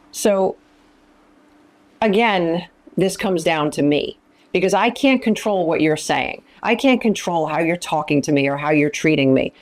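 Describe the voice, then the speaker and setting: Emphatic woman with a lower voice. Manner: emphatic, repeats phrases, acts out quoted lines. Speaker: ministry founder and speaker. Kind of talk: teaching talk in an interview.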